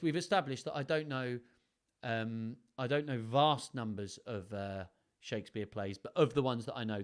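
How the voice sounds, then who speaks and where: A young man hosting a live stream, chatting casually and thinking aloud in a playful way. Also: medium pitch.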